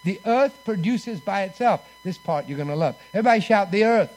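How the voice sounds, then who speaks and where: A man preaching a sermon, leading the congregation in call-and-response and swinging between booming lines and hushed ones. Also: animated, a little fast.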